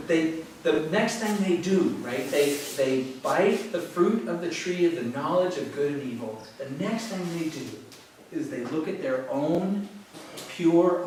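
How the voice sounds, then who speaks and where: A man giving a relaxed, conversational spiritual talk to a yoga class, telling stories and chuckling often. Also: fairly high pitch. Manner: conversational, storytelling with frequent chuckles. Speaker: teacher. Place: yoga studio. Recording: very echoey room from far off, faint noise.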